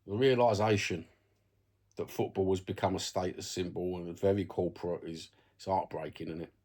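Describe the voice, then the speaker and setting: A man's voice: low voice, fairly even intonation, moderate pace, darkish tone. A man with a Cockney accent, ranting bluntly and swearing a lot in a casual vlog. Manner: sweary, blunt, chatty with frequent "you know what I mean". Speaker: vlogger. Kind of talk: casual rant to camera. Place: at home, seated.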